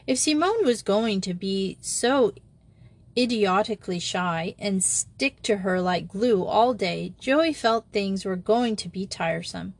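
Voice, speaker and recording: Female audiobook narrator, even mid-range voice, gentle storytelling delivery. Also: mid-range voice, slow pace. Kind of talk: scripted narration of a children's novel.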